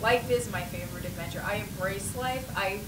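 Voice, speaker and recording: A woman's voice: mid-range voice, a little fast, a bit bright, a little hiss or hum, low-quality recording. A woman hosting a talk show interview, effusive and encouraging with her guest. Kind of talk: casual interview.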